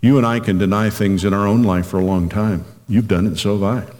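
A man preaching a radio sermon as pastor, earnest and direct, slowing down and lifting his voice when he reads scripture. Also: on the low side, steady tone, a little mellow, in a large hall. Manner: earnest, slows down and lifts his voice reading scripture.

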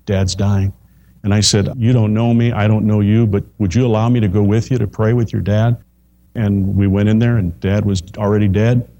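A pastor preaching a sermon, slowing down and repeating phrases for emphasis. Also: male voice, on the low side, a little mellow. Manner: slows down to stress key phrases, repeats lines for effect.

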